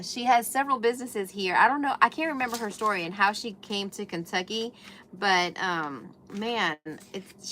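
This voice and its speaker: A chatty woman hosts a craft livestream in a bright, crisp voice at a middling pitch. She greets viewers as she works at her table. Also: a little hiss or hum. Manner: chatty, greets viewers while working with paper. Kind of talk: casual livestream chat while crafting. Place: indoors at a craft table under bright lights.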